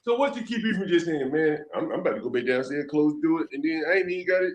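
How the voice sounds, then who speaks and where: A man arguing with a tenant, staying calm and repeating himself, heard on an echoey phone recording. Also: a little high, quick pace. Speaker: landlord. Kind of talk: tense argument.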